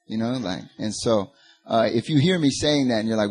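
A man's voice: mid-range voice, moderate pace. A young man from North Carolina with a Southern accent, giving a chatty, joking talk to a church group full of fillers. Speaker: guest speaker. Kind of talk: casual church talk and spoken word.

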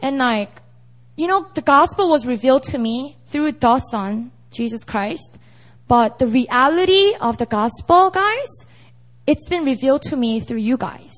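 A young woman preaches in a relaxed, chatty way, often asking her listeners if they follow. Her voice sits high and swings widely in pitch. She sounds conversational rather than formal. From South Korea. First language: Korean. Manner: chatty, with frequent "you know" and "right?". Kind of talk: casual, animated sermon.

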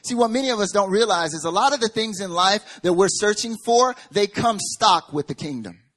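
A pastor preaching a sermon in an animated storytelling way, dropping to hushed lines and rising to loud ones. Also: male voice, high voice, fairly quick. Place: church service.

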